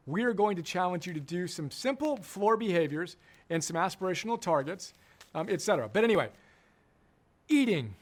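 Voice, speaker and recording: Emphatic high-voiced man teaching. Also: lively intonation, normal speed. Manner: emphatic, repeats key phrases. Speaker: coach and program founder. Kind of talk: enthusiastic teaching talk.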